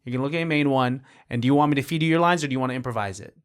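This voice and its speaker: A man's voice: medium pitch, rapid-fire, smooth. Playful Bronx-accented male podcast host. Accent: New York, Bronx. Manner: playful, barks set calls loudly. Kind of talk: improvised comedy bit, playing a director.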